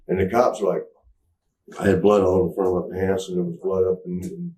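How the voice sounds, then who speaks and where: A man in his forties telling a candid story as an interview guest, rambling and halting with many restarts and fillers. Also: low voice, a little mellow. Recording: roomy echo, mic at a distance.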